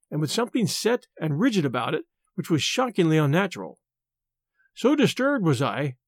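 A man reads a classic tale in the first person with a lively, rising and falling delivery. His voice sits high for a man, and the recording is close and dry. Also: dry recording. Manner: expressive, animated first-person storytelling. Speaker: audiobook narrator. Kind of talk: scripted narration of a classic story.

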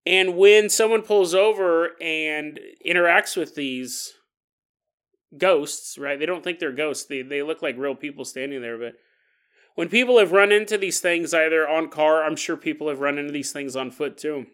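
Bright-voiced man riffing on ghost stories. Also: on the high side, moderate pace, smooth. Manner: playful, riffing, jokey asides. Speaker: podcast host. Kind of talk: casual paranormal storytelling.

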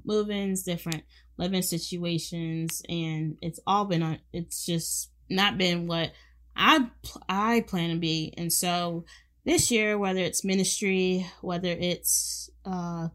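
A young woman hosting a faith podcast, speaking fervently and affectionately, repeating phrases for emphasis and calling her listeners honey and baby. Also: lowish voice. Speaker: podcast host.

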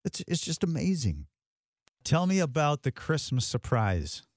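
A man's voice: on the high side, huge pitch swings, unhurried, darkish tone, no room sound, studio quality. Enthusiastic male interview host. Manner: enthusiastic, emphatic. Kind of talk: interview conversation.

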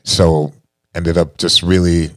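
A middle-aged man, the guest, telling his story in casual talk, halting with fillers and restarts. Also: sits low, level tone, a bit bright. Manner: halting, full of fillers and repeated starts.

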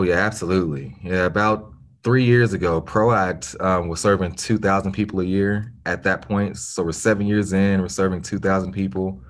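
A man, telling his story as a guest in a podcast interview, earnest and reflective with occasional restarts. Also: sits low. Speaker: nonprofit founder, podcast guest.

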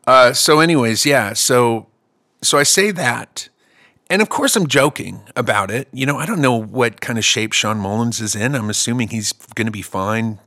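A man's voice: mid-range voice, expressive, normal speed, pushed and bright, no echo, studio quality. A middle-aged man hosting a podcast, telling stories in a profane, joking way and acting out both sides of each conversation. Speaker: musician and podcast host. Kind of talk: casual storytelling chat.

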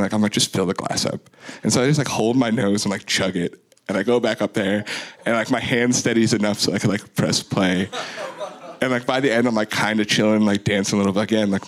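A man's voice: fairly low pitch, steady tone, fairly quick. A young man telling a long, rambling story as an interview guest, filling his talk with "like". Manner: loose, rambling, heavy use of "like". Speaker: guest, DJ and music producer.

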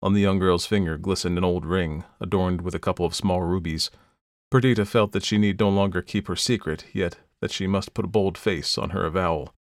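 Male audiobook narrator, lowish voice, steady classic-fiction reading. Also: a little fast, dry recording, studio quality.

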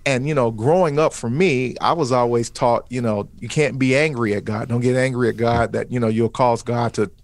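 A man's voice: mid-range voice, fairly even intonation, normal speed, few pauses. A man hosting a faith-based interview podcast, affirming his guest with frequent interjections of praise. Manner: affirming, peppers talk with "praise God" and "amen". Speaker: podcast host.

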